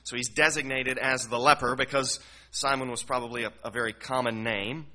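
A man's voice: medium pitch, steady tone, fairly quick, pushed and bright. A man teaching through a Bible passage verse by verse, earnest and explanatory, often repeating words as he works through a thought. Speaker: preacher.

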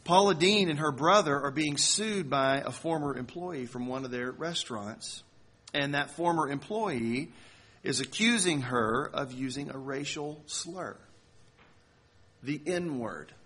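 A man delivering a sermon to a congregation, telling a story in a conversational way with slow, emphatic phrasing. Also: fairly high pitch, fairly bright tone, slightly rough. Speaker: pastor.

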